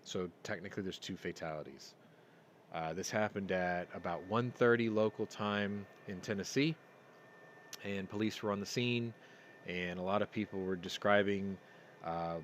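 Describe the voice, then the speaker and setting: Rambling man, low voice, excited telling. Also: moderate pace, a little hiss or hum. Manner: rambling storyteller, gets loud and excited. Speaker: podcast host. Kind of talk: casual live-stream chat. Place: home room. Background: yard work outside.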